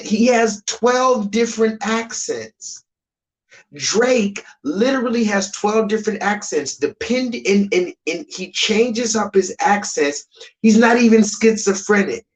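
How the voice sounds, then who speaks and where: A man's voice: high voice, lively intonation, takes it slowly, rough recording. A man ranting on a live stream, emphatic and repetitive, swearing freely.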